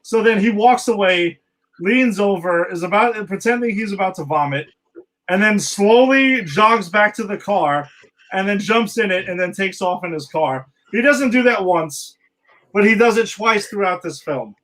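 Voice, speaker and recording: A man's voice: sits high, animated, normal speed, a bit bright, low-quality recording. A man co-hosting a podcast, chatting casually and sounding incredulous. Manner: incredulous, exasperated. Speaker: podcast co-host. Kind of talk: casual chat.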